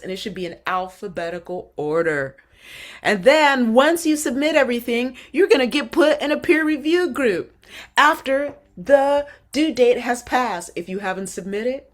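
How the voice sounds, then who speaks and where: A woman teaching an online writing course, walking students through an assignment in an animated, coaxing way and often checking in with "okay?" and "right?". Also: medium pitch. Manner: direct, addresses students as "you guys" and "y'all". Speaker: college writing instructor. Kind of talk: recorded online course walkthrough.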